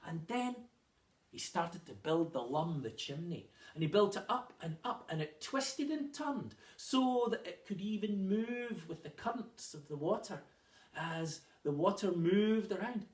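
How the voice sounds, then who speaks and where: Man reading children's tales, lively, in an echoing room with the mic far off. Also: sits high. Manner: lively, with dramatic pauses and repeated words. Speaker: storyteller. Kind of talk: children's storytelling. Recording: roomy, distant mic.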